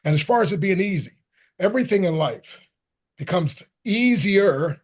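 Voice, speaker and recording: A man's voice: sits high, expressive, normal speed. A man on a motivational panel speaking in an emphatic, preacherly way.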